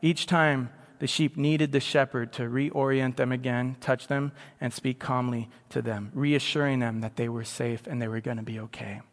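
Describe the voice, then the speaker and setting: A man preaching a sermon in a conversational way, dropping to hushed tones and then rising to loud, emphatic passages. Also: mid-range voice, steady tone, normal speed, hardly any pauses, in a large hall. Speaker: pastor.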